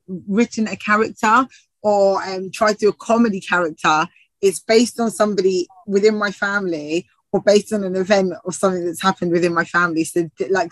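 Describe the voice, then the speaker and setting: A woman's voice: mid-range voice, fairly bright tone, no room sound, low-quality recording. A woman TV presenter and actor from the UK, chatting in an interview with frequent laughs and restarts. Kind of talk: casual interview chat.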